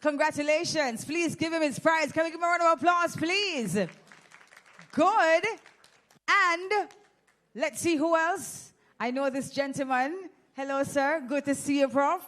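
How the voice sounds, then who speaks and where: A woman's voice: sits high, a little slow, a bit bright. A woman with a Jamaican accent hosting an audience giveaway on a handheld mic in an event hall, playful and teasing. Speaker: event host. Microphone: handheld microphone.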